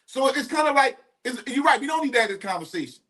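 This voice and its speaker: A man's voice: very high-pitched, big pitch swings, fast, pushed and bright. A man co-hosting a podcast, giving blunt, profane opinions in casual street talk. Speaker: podcast co-host.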